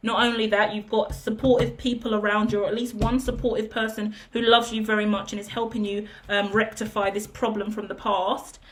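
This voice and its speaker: A woman's voice: mid-range voice, flat delivery. A woman giving a tarot reading straight to her viewers in a direct, coaching way, stacking up long repeated lists and checking in with "yeah?". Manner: lists things in rapid repetition. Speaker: tarot reader.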